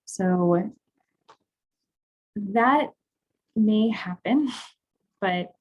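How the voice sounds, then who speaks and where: A woman's voice: mid-range voice, drawn-out words, phone-quality sound. A woman coaching on intimacy, leading a guided class in a candid, conversational way, often laughing.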